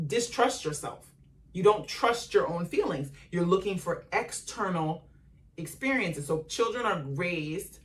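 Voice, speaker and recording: Hosting a motivational podcast on her own, a woman with a lowish voice speaks conversationally, captured from a distance. She animatedly poses questions to the listener and performs quoted voices of family members and parents.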